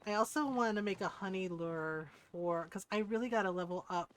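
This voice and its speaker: A woman's voice: mid-range voice, brisk. A woman livestreaming a game, chatting casually and telling a story full of "like" and casual swearing, acting out her friends' lines. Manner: acts out friends' lines in excited voices. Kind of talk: casual chat while gaming.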